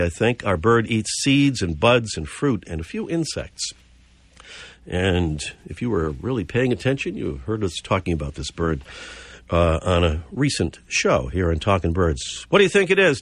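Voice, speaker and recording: A man hosting a radio show, a little hoarse, joking and laughing easily. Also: on the low side, no echo. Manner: jokey, laughs often. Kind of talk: casual radio chat. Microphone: studio microphone.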